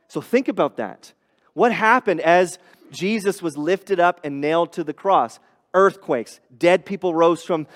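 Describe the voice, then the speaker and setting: A man's voice: fairly high pitch, big-room sound. A man preaching a sermon as pastor, earnest and explanatory, often restarting phrases and rising on emphatic points.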